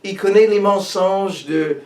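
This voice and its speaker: American male pastor, bilingual sermon, halting in his second language; echoey room, mic kept at a distance. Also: high voice. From United States. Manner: switches between English and French, halting restarts in French.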